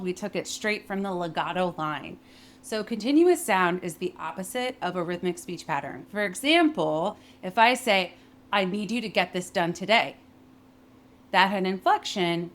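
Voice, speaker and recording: Woman coaching on voice, slightly low pitch. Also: a little hiss or hum. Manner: clear and emphatic, demonstrating pitch and phrasing. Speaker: voice and communication coach. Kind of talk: instructional talk with spoken demonstrations.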